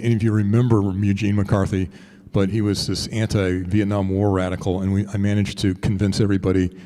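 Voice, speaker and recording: A man's voice: sits low, warm tone. A man from Indiana giving a rambling, self-deprecating farewell speech as a retiring state senator. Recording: legislative chamber with long reverb.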